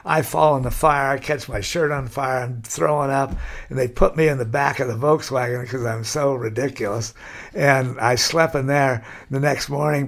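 An older man with a gravelly, fry-edged voice recounts his adventures in a loose, rambling way. He leans on "kinda" and "you know" as he goes, and his pitch sits in an ordinary middle range. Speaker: interview guest. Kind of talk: storytelling.

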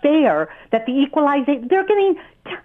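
A woman from Alberta comes through a tinny phone line as a talk show panelist. She sounds outraged, and her voice climbs high in emphasis while she stumbles over her words. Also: very animated, a little fast. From Alberta, Canada.

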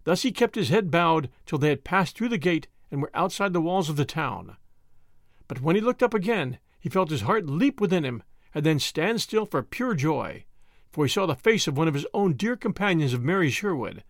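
Expressive male storybook reader. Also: on the high side, moderate pace, dry recording. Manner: expressive, lilting reading. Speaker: audiobook reader. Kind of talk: storybook narration. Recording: dry close recording.

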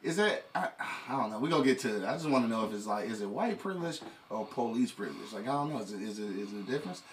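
Casting: male podcast host, casual and profane, quick laughs, a bit far from the mic. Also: medium pitch, animated, a little hiss or hum. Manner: loose, profane, laughs often, restarts a lot. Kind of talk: casual chat.

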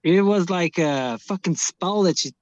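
A man's voice: sits high, measured pace, no room sound, lo-fi sound. A young man calling in, telling a long story in a rambling way with heavy swearing and many restarts. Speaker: caller. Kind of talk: casual storytelling.

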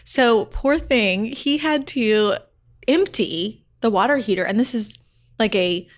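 Storytelling woman podcaster. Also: a little high. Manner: animated storyteller, quick asides. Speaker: podcast co-host. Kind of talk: casual chat.

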